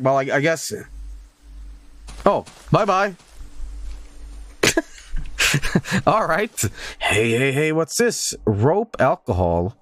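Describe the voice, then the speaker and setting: A young man streaming a horror game, joking, swearing and yelping in fright. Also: a bit bright. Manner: jokey, swearing, sudden high yelps. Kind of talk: gaming stream commentary.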